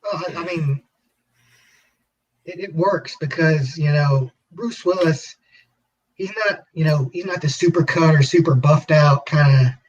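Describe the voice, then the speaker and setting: A man's voice: a little high, a little slow, husky. A man on a podcast panel giving his view of a movie, hesitant and thinking aloud with many fillers. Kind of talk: casual movie review chat. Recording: distant, muffled lo-fi mic.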